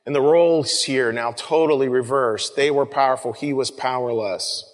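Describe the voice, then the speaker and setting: Male pastor, relaxed sermon, mid-pitched voice, long reverb of a big church. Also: moderate pace. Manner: conversational, often repeats words, addresses listeners as folks. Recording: long reverb of a large room.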